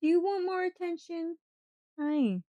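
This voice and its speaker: A woman's voice: very high-pitched, expressive, measured pace, no room sound, phone-quality sound. A woman streamer chatting casually on a livestream, cooing baby talk at her cats and teasing them with casual swearing.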